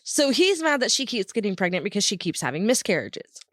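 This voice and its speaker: A woman's voice: mid-range voice, big pitch swings, a little fast, dry recording, studio quality. A woman co-hosting a horror movie podcast, recapping the plot in casual, teasing chat. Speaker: podcast co-host.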